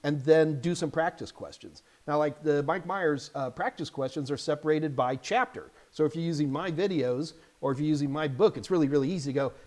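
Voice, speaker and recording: A chatty, animated man hosting a casual live question-and-answer stream. He teaches IT certification and drops jokey asides as he goes. His voice sits fairly high for a man. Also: brisk, hardly any pauses. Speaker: host and IT certification instructor.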